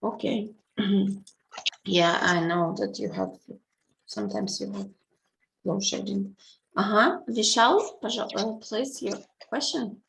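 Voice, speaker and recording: A woman with a Russian accent teaching a language lesson over a video call, slow and patient, with many fillers. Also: medium pitch, creaky, a bit bright, rough recording.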